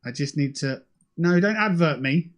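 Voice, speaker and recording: A young British man hosting a livestream in casual, sweary chat that jumps between high and low. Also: lively intonation, moderate pace. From United Kingdom. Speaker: livestream host.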